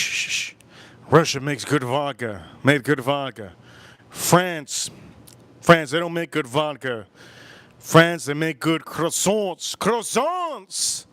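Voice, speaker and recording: A man's voice: a little high, fairly bright tone, dry recording. A man hosting a live cooking stream, chatting casually, rambling and repeating himself as he talks to his viewers.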